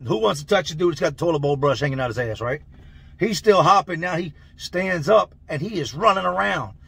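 A man telling a long story in a loose, slangy, animated way. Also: fairly high pitch, brisk, creaky, breathy edge. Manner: loose, slangy, animated, laughs through the tale. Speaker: channel host telling prison stories. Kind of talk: casual storytelling.

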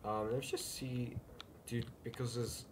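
Unhurried and level in tone, a young man's mid-range voice comes through slight background noise as he plays a horror game for his YouTube channel. The commentary is laid-back, but he's jumpy, hollers when startled, and drops "dude" all the time.

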